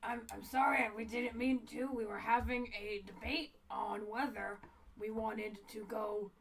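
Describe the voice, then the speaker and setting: A woman player at a tabletop game, chatting in an animated, giggly way. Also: a little high, a little slow, creaky, far from the mic, a crowd in the background. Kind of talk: casual game table chat.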